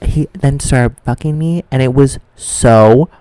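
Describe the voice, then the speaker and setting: A man's voice: medium pitch, a little slow, dry recording. Chatty young man, dry sound. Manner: chatty, full of "like", animated quoted voices. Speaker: podcast co-host. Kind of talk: casual storytelling chat.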